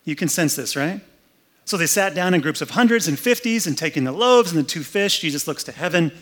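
A man's voice: a little high, animated, a little fast, fairly bright tone. A pastor giving a conversational, humorous sermon indoors, acting out the story as he goes. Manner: conversational, humorous, acts out scenes. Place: air-conditioned room, indoors.

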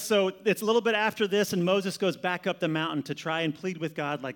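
An animated male pastor with a fairly high voice preaches a little fast. The sermon feels conversational, with frequent word repetition and shifts from loud to soft.

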